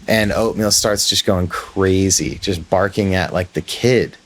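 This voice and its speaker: Male podcast host, lowish voice, casual and self-reflective storyteller. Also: measured pace, slight background noise. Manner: candid, rambling, self-reflective.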